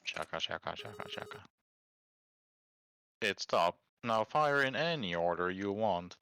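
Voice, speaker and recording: A man voicing a gleeful male game master who slowly and theatrically announces the rules of a deadly game. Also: lowish voice, expressive, bright, forceful tone, slight background noise, heavily acted.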